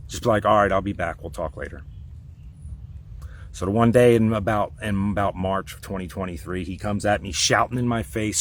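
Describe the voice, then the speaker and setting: A man telling a personal story in a heated, rambling, profane rant, with sudden loud outbursts. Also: fairly low pitch, a little hiss or hum.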